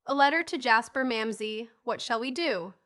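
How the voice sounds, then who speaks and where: A woman's voice: on the high side, normal speed, sharp tone. A woman voicing a kind, busy older sister who coaxes her siblings in a motherly, sometimes flustered way in a storybook reading. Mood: coaxing.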